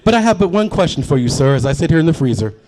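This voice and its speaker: A man's voice: a little high, big pitch swings, rapid-fire, a little mellow. A man voicing a chastened parrot that speaks very formally and politely after being punished. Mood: meek. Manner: suddenly formal and apologetic.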